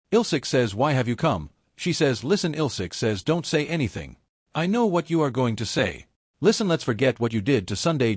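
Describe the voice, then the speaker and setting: A man's voice: mid-range voice, no room sound, clean studio sound. A man narrating a drama recap in a scripted style, reading the quoted dialogue in the same plain narrating voice.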